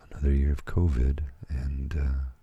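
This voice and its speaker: A tired man from Canada, talking slowly and haltingly at home at night in a soft ASMR manner, with many fillers and restarts. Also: a bass voice, slightly rough, no echo, dull audio. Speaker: ASMR channel host. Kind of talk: soft-spoken ASMR personal talk.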